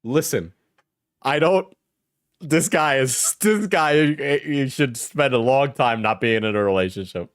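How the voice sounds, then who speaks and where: Mocking, profane streamer reacting to a clip. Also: male voice, mid-range voice, unhurried, clean tone, dry recording, clean studio sound. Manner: mocking, profane, laughing outbursts. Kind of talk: reaction commentary.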